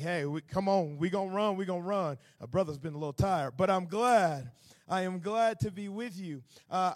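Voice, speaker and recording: High-voiced Southern preacher, folksy. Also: male voice. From Atlanta, Georgia. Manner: folksy, warm-humored and animated, with sudden loud bursts. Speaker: guest preacher. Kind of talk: sermon.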